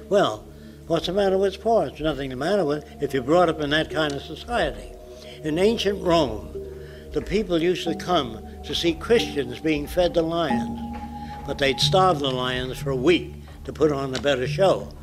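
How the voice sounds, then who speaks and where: Man in his nineties, lecturing, blunt, provocative, slightly high voice, faint music behind. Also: rough recording. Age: 90s. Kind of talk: public lecture.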